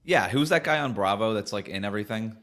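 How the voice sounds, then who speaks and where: A man's voice: lowish voice, animated, fast, a bit bright. A man co-hosting a sports podcast, talking through team stats in a casual, analytical way and laughing easily. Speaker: podcast co-host.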